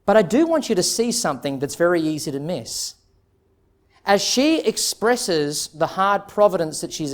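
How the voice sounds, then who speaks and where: A male pastor preaching an expository sermon in an earnest, emphatic way, with dramatic pauses. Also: on the high side.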